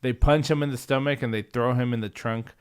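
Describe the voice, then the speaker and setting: A man co-hosting a podcast, relaxed and agreeable, recounting a film's plot. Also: mid-range voice, clear, resonant tone. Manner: relaxed, agreeable, retells plot with quick quoted lines. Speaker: podcast co-host. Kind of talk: casual movie rewatch chat.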